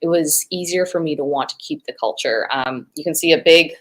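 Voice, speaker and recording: An American woman with a low voice talks easily as a guest, filling her answers with little fillers. She joins over a video call from her home. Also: fairly quick, rough recording. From United States. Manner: relaxed, talkative, many fillers. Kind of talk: casual interview chat.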